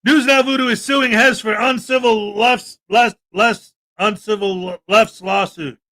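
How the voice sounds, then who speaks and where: A man's voice: high-pitched, fairly even intonation, unhurried, pushed and bright. A man hosting a livestream, delivering sarcastic, indignant commentary and firing back at chat comments. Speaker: livestream host.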